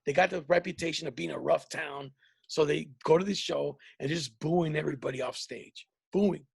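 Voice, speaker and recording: Gravelly high-voiced man telling stories. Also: moderate pace, no echo, studio quality. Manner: profane, rambling storytelling with many restarts. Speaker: podcast host and comedian. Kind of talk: casual chat.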